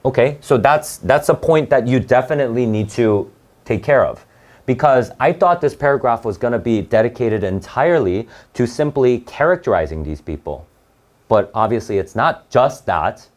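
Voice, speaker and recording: A man's voice: mid-range voice, animated, normal speed. A man teaching an online reading lesson for test prep, thinking aloud and checking in with "right?" often.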